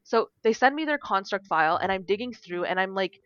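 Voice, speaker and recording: A woman with a bright, clear voice tells a story on a casual podcast. She is animated, swears freely and acts out the dialogue herself. The recording sounds a bit dull and lo-fi. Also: mid-range voice, brisk, no echo. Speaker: podcast co-host and game design teacher.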